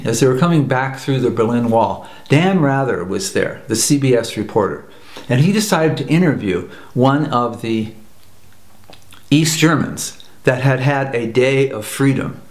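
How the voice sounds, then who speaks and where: A man from the United States telling a story in an earnest talk, repeating phrases for emphasis. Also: mid-range voice. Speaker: personal growth teacher. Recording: roomy echo.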